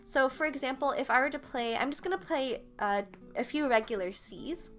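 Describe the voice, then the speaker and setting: A young woman gives a patient, step-by-step flute lesson, counting beats aloud as she explains. Her voice is bright and sits fairly high. Faint music plays softly in the background. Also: moderate pace. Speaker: flute teacher.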